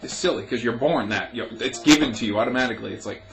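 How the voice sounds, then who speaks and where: A man's voice: medium pitch, very fast, creaky, fairly bright tone, low-quality recording. A young man ranting on his own video blog in a casual, profane, sarcastic way, mocking things with jokey asides. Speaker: vlogger.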